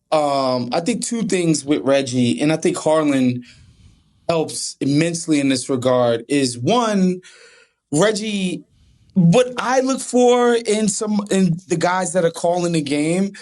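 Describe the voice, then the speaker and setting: A man guest on a sports podcast, talking in an animated, excitable way and swearing casually. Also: fairly high pitch.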